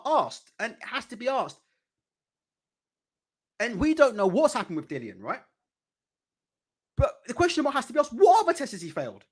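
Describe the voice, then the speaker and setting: Heated, swearing British boxing ranter. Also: male voice, extremely high pitch. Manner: heated, profane, repetitive rhetorical questions. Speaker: boxing channel host. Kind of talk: ranting live commentary. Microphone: desk mic.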